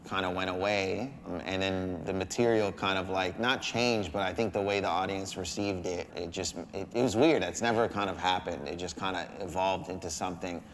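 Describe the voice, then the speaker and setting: A man with a deep, low voice reflects on his comedy in a sit-down interview. He speaks calmly and loosely, full of "like" and "you know." A faint hum sits behind him. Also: a little fast, few pauses. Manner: relaxed, thoughtful, many fillers. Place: quiet interview setting.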